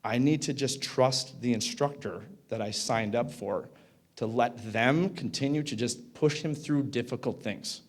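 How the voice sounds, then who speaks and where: A man's voice: medium pitch, close to an everyday voice. A man voicing his worried, protective wife as she watches their son's swim lessons. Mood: resolved. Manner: anxious, hurried. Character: worried protective mother on the sidelines.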